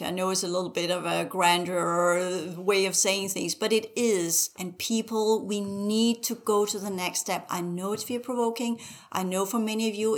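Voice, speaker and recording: A woman teacher talks as a podcast guest in a medium-pitched voice. She presses her listeners hard with one rhetorical question after another. She sounds urgent and exhorting. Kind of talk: podcast conversation.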